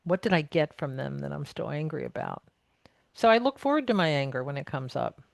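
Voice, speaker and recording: A woman's voice: deep voice, animated, fairly quick, gravelly, no echo. A middle-aged woman speaking as a podcast guest, reflective and emphatic, restating her points as she talks things through in conversation. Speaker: podcast guest, narrative coach. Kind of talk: conversational interview.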